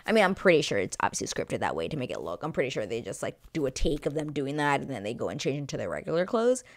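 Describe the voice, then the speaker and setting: A woman hosting her own channel, chatting casually as she retells a reality show episode, quoting people in an animated way. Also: extremely low pitch, quick pace. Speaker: reaction channel host.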